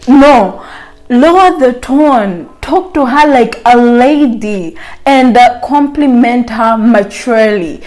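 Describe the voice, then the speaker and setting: A woman's voice: a little high, takes it slowly, a little mellow, faint music behind. A woman vlogger giving casual dating advice straight to her viewers in a playful, teasing way. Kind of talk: casual advice chat to camera.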